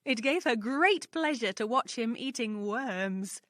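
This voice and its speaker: A woman narrates a children's storybook aloud. Her voice sits fairly high, and she reads with clear, lively expression. The recording is dry and close. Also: measured pace, dry recording.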